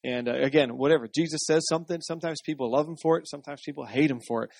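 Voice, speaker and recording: A male pastor gives a conversational sermon, often asking the room for an answer. His voice sits somewhat high for a man. The recording is dry and close. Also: very fast, creaky, a little mellow, no room sound. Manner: conversational, asks the congregation for responses.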